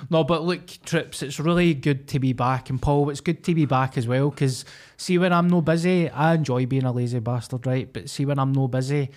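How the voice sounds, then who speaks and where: A man's voice: medium pitch, fairly even intonation, normal speed, hardly any pauses, darkish tone. A Scottish man co-hosting a comedy podcast, chatting in a blunt, sweary, jokey way. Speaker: podcast co-host. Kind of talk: casual comedy podcast chat.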